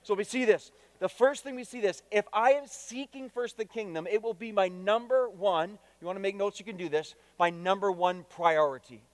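Male preacher, pretty high voice, keeps repeating stuff and quizzing the church, long hall reverb. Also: normal speed, hardly any pauses. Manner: emphatic, repeats key phrases, asks the congregation direct questions. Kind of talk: sermon.

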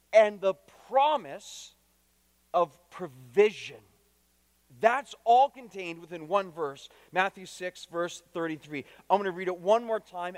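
Male preacher, pretty high voice, keeps repeating stuff and quizzing the church, long hall reverb. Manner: emphatic, repeats key phrases, asks the congregation direct questions. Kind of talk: sermon.

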